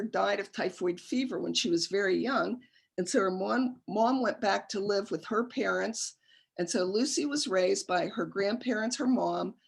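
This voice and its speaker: A woman's voice: mid-range voice, vocal fry, husky. A middle-aged woman giving a humorous lecture, chatty and self-deprecating, breaking into laughter as she tells personal stories.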